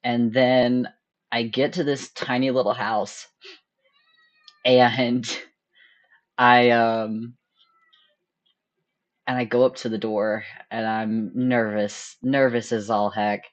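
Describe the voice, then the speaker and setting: A young woman hosting a charity stream, telling a story in casual chat, animated and laughing often as she acts out her own thoughts. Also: rumbling low, slow, pauses often, muffled recording.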